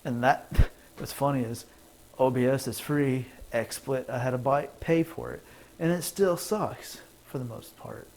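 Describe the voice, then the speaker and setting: A comedian streamer rambles through jokes to his camera from a home setup, laughing at his own punchlines and putting on squeaky voices for callers, like casual stand-up. His voice is a little slow with a darkish tone. The recording is rough.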